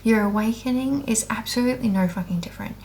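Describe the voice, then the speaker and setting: A woman's voice: fairly high pitch, fast talker, gravelly, a little mellow, a little hiss or hum. A woman speaking in a candid, unscripted monologue, blunt and heavily profane, earnest and emotional as she rambles with restarts about her spiritual awakening.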